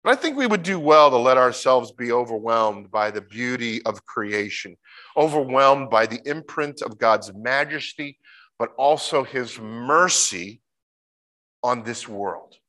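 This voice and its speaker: Guy preaching a sermon, chatty and animated, does goofy high voices when he tells stories. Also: unhurried. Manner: animated storytelling, mimics voices with big pitch jumps.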